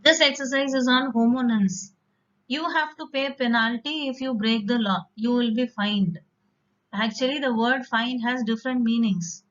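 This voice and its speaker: Woman, English teacher, patient explaining lesson, fairly high voice, dull lo-fi recording. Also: a bit bright. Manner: patient, explanatory, uses fillers. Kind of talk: classroom lesson explaining vocabulary.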